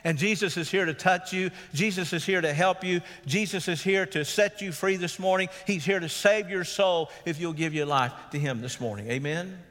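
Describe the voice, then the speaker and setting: A man's voice: sits high, normal speed, few pauses, fairly bright tone. A man, a pastor preaching an earnest sermon and calling out to the congregation. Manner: earnest preaching with calls of "Amen?". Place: church sanctuary. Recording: long church reverb.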